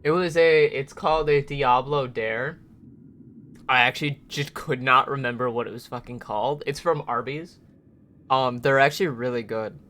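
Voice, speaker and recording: A man's voice: mid-range voice, normal speed, fairly bright tone. A man chatting casually on a live stream while he plays, rambling and swearing as he grumbles at the game.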